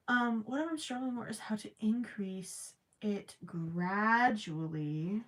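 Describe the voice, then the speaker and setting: Slow, rambling woman hosting a crochet stream. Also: medium pitch, fairly bright tone. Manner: rambling, filler-heavy, self-deprecating. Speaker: crochet livestream host. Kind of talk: casual livestream chat while crocheting.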